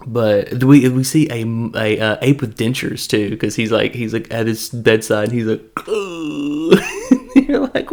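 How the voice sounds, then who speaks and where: A man's voice: lowish voice, gravelly. A man giving a casual, rambling film review who laughs often and acts out scenes. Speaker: movie reviewer.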